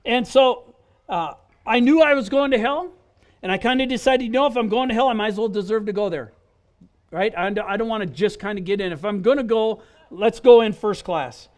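A middle-aged man tells his personal testimony at an outdoor church gathering in a high-set, expressive voice. His delivery is loose and conversational, and he acts out the people in his stories. He keeps checking in with the crowd as he goes. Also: brisk. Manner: animated, conversational, acts out quotes, frequent "right?". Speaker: guest speaker giving testimony. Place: outdoor church service in a park.

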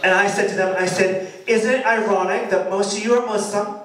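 A man telling a dramatic personal story to a live audience at a party before he sings, acting out the shouts and replies. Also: sits high, fairly quick. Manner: animated, dramatic retelling with quoted shouts. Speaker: singer telling a story before his song. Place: party loft at a bookshop, live event. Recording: roomy, distant live-venue mic.

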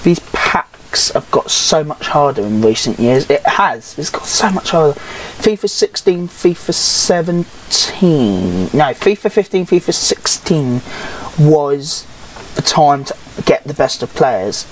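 Woman gamer, low voice with lively swings, slow sarcastic grumbling, swears a lot. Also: slight background noise, poor audio. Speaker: gaming YouTuber. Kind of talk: casual game commentary.

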